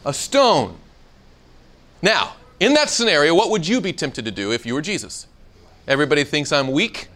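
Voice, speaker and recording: A man's voice: a little high, moderate pace. A man teaching a Bible seminar to a live audience, asking questions and acting out the quoted lines. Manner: animated, asks the room questions, acts out quoted lines.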